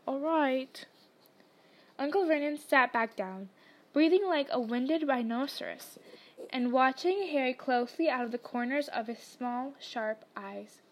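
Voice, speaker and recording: A woman reading a novel aloud as an audiobook narrator, lively and expressive. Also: high-pitched, unhurried. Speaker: audiobook reader.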